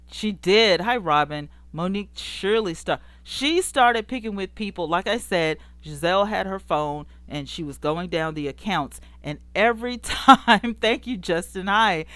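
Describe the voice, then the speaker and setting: A woman hosting a casual celebrity gossip show, greeting live chat viewers and scolding the people she talks about in a sassy, animated way, laughing often. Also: fairly low pitch, no echo. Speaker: show host.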